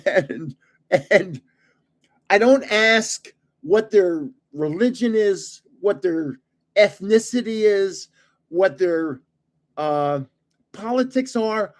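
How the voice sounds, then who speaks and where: A man's voice: high voice, animated, takes it slowly. An older man hosting a casual livestream, telling rambling stories and chuckling often. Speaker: channel host giving away trading cards.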